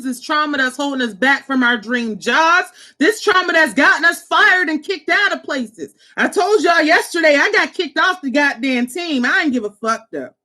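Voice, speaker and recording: A woman in her thirties who works as a social worker talks about her own trauma with raw, emphatic, profane passion. Her voice is very high with a sharp tone.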